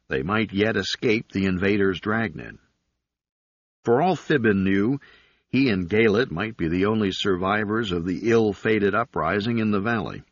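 A man narrating an audiobook in a steady, even reading. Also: on the low side, breathy edge, no room sound. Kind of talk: scripted narration. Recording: slightly dull recording.

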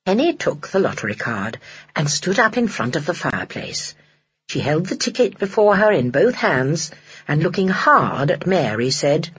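A narrator reading a children's storybook aloud in an expressive storytelling way. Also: medium pitch, moderate pace, breathy edge, highs cut off. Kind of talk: audiobook narration.

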